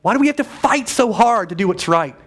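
A man preaching a sermon in a church, animated and conversational, with quick self-correcting asides. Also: high-pitched. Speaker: pastor.

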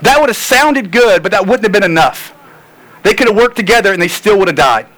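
A man's voice: high-pitched, animated, fairly quick, a bit bright, low-quality recording. A man preaching a sermon, earnest and tired, repeating phrases for emphasis. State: tired and sore. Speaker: pastor.

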